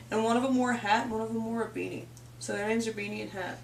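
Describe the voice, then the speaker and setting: A woman's voice: on the high side, fast, recorded from a distance, a little hiss or hum. A young woman from Canada hosting a casual chat, rambling and giggly. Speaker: host. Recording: echoey room, off-mic.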